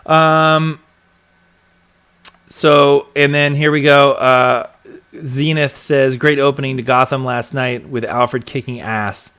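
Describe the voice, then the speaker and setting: A young man chats loosely on a live stream, stopping often for ums and uhs and starting sentences over. His voice sits at an ordinary, middling pitch for a man, and his delivery stays relaxed and unscripted. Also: slow pace, clean tone. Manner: rambling, filler-heavy, chuckles and trails off. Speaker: host of a live show reading viewer comments. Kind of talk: casual live-stream chat.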